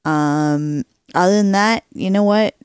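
A woman's voice: fairly low pitch, slow, a little mellow, smooth, no room sound, clean studio sound. A woman with a Chicago accent, a guest on a podcast, chatting playfully and joking along. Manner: playful, jokey. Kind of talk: casual chat.

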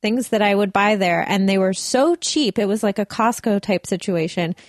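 A woman chatting casually on a podcast, spinning a long anecdote and breaking into laughter. Her voice sits at a middle pitch. It is recorded close and dry, with no room sound. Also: normal speed, dry recording. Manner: animated storyteller, laughs often. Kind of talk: casual chat.

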